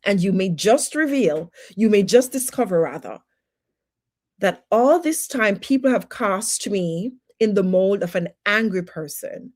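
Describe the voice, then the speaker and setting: A woman's voice: mid-range voice, expressive, measured pace, a little mellow. A woman teaching personal development on a livestream, emphatic and full of rhetorical questions, with faith-based encouragement.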